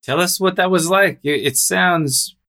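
A man's voice: high-pitched, measured pace, pushed and bright. A man hosting an interview, asking questions in an upbeat, encouraging way. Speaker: podcast host.

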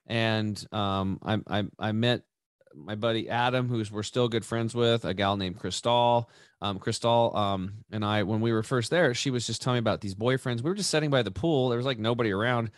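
Telling a personal story on his podcast, a man rambles in an animated way, often restarting, repeating, and dropping "dude" and "right." His voice is fairly low, his pace moderate, and the clean studio sound has no echo.

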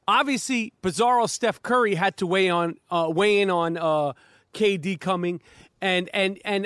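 A man's voice: high voice, fairly bright tone, no echo, clean studio sound. A man hosting a comedic sports podcast, stammering and repeating words as he talks. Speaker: podcast host.

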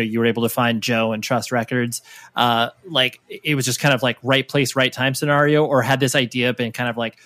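A man's voice: medium pitch, a bit bright. A man hosting a podcast, asking long, meandering questions full of "you know" and "uh". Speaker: podcast host. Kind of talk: casual podcast interview.

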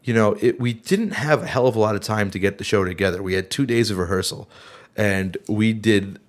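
A man's voice: fairly low pitch, a little fast. A middle-aged man hosting a casual podcast, rambling and interrupting himself as he tells band stories, a little worn from being sick. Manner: rambling, self-interrupting storyteller. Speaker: band member and podcast host. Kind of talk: casual chat.

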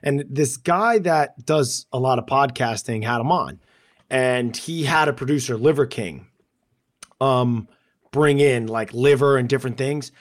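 A man co-hosting a casual podcast, telling stories in an animated way and acting out what people said. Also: medium pitch, unhurried. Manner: animated storyteller, acts out quotes in a raised voice. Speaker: podcast co-host.

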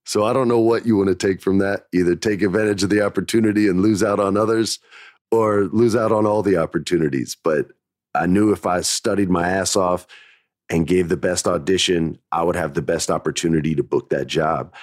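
A man's voice: deep voice, fairly even intonation, fairly quick, dry recording, clean studio sound. A man hosting a podcast, telling stories in a candid, emphatic, motivational way. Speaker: podcast host. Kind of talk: casual storytelling podcast.

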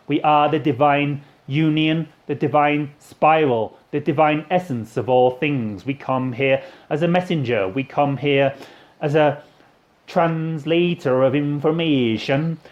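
A man's voice: fairly high pitch, steady tone, unhurried, highs cut off, natural voice. A man channeling an alien messenger named Tahini, with an odd put-on foreign-sounding accent, mispronounced words and rambling repetitive cosmic phrases. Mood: solemn. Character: solemn alien messenger Tahini, male, grandiose. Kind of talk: channeling session.

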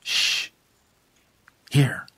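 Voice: extremely slow, sharp tone. A reader voicing a shrewd, plainspoken rural aunt who talks in folksy speech with double negatives, in a storybook reading. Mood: hushed. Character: plainspoken rural aunt, middle-aged woman, warm and shrewd.

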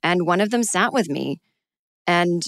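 A middle-aged woman tells a personal story with a slightly low voice. She acts out her past panic in sudden high, pleading bursts. The recording is dry and close, with no room sound. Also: animated, unhurried, a bit bright, dry recording.

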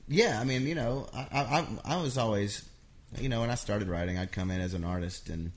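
A man with a lowish voice, talking a little fast, is a songwriter telling stories in a relaxed chat. Animated throughout, he acts out quotes from the people in his stories.

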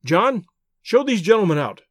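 Brief: male reader playing a stern, curt middle-aged doctor, high and bristling. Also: sing-song, moderate pace, no room sound, clean studio sound. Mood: furious. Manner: curt, indignant, clipped replies.

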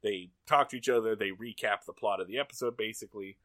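A man co-hosting a podcast, recapping a TV episode in casual, profane banter and acting out lines in loud put-on voices. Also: on the low side, quick pace, dry recording. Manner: animated, acts out quotes in loud voices, profane. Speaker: podcast co-host.

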